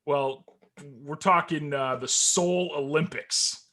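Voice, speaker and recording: A man, co-hosting a casual sports podcast, telling stories in an animated way and laughing often. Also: fairly high pitch, slow. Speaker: co-host.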